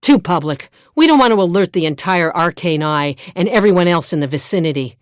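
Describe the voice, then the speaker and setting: A woman voicing a brainy, condescending small female asura scholar in a video game, speaking in a crisp, precise way over game music. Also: on the low side, animated, a little fast, no room sound, clean studio sound, natural voice. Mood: haughty. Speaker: Priory agent.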